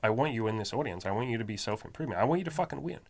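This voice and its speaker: A man's voice: mid-range voice, expressive, rapid-fire, a little mellow. A man who is a self-improvement coach and podcast host, talking in a blunt, emphatic, profanity-laden motivational style.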